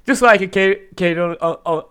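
Man, podcast co-host, excitable, swears a lot, bright voice. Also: high-pitched, moderate pace, smooth. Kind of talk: casual podcast chat.

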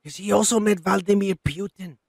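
A man with a high, gravelly voice trades crude, profane banter as a podcast co-host. He rambles through his stories in a loose, animated way. The sound is dry and close, with no room in it. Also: brisk, dry recording.

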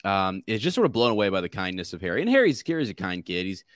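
Brief: deep-voiced male co-host, loose and rambling, dry close mic. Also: very animated, fast, no room sound. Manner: rambling, with frequent restarts and laughter. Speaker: podcast co-host. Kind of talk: casual book discussion.

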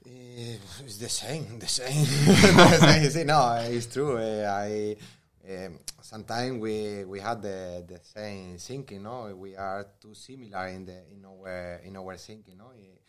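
A man's voice: fairly low pitch, measured pace. Hesitant Spanish man in broken English. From Spain. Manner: hesitant, repeating words, tagging "no?". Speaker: guest footballer. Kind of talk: casual interview.

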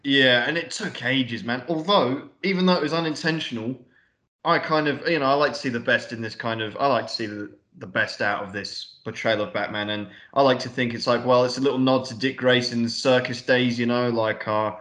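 A man's voice: mid-range voice, steady tone, fairly quick, a bit bright. A young man co-hosting a podcast, rambling casually and swearing while recapping a film. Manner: rambling, sweary, lots of fillers. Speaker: podcast co-host. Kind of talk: casual film review chat.

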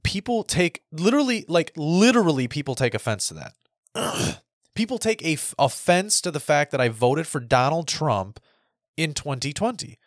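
A man's voice: a little high, sing-song, moderate pace, no echo, clean studio sound. A man in his thirties hosting a podcast, giving a casual opinion monologue that rambles, repeats itself and restarts often. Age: 30s. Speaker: podcast host.

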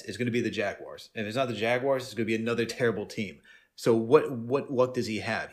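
A man co-hosting a podcast in casual sports chat. He talks in an animated way and often says "man" and "bro". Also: medium pitch. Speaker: podcast co-host.

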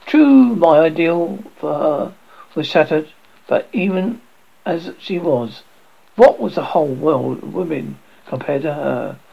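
Unhurried and animated, a man with a slightly high, husky, gravelly voice performs a classic horror story. The sound is lo-fi, and he now and then stumbles and restarts.

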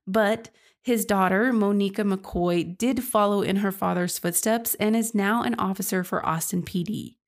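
A woman's voice: medium pitch, moderate pace, few pauses. A young woman hosting a true crime podcast, narrating earnestly and speaking casually to her listeners. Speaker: podcast host.

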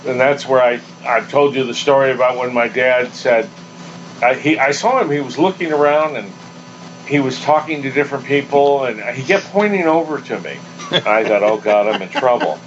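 A man telling a story on a podcast in a casual, animated way, acting out the quotes with laughter. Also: medium pitch, normal speed. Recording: dull lo-fi podcast audio with faint noise.

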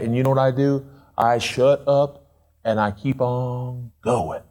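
A male pastor preaching a casual, playful sermon, swinging between excited high asides and low quiet remarks. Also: normal speed.

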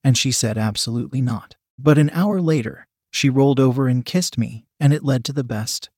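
A man narrates a first-person adult story at a steady, measured pace. His voice sits in a middle pitch. It is recorded close and dry, with no room echo. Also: breathy edge.

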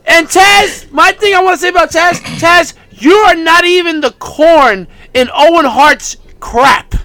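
A man co-hosting a casual podcast, ranting heatedly with bursts of shouting. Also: extremely high pitch, unhurried. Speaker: podcast co-host.

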